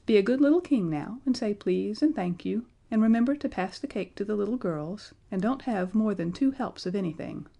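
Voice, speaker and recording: A woman's voice: medium pitch, animated, vocal fry, warm tone. A woman voicing a fussy, kindly old nursemaid who fondly scolds the boy in a storybook reading. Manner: brisk, scolding, fond.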